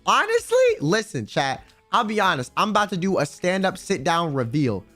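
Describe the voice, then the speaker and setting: A male live streamer with a bright, high-pitched voice rambles in crude jokes as he chats with his audience. His delivery is loose and casual. Faint background music hums underneath. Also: wildly swooping pitch, moderate pace.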